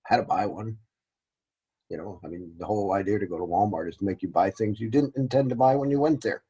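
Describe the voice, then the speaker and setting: A man's voice: on the low side, fast, dark tone, breathy edge, rough recording. A man teaching a casual lesson, rambling and joking at his own expense. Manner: rambling, joking and self-deprecating. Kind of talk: casual classroom-style lecture.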